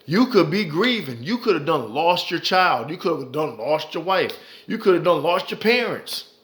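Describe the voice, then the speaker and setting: A man's voice: on the high side, very animated, moderate pace, fairly bright tone. A man delivering impassioned ranting commentary, profane and heated, repeating phrases for emphasis. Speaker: commentary vlogger.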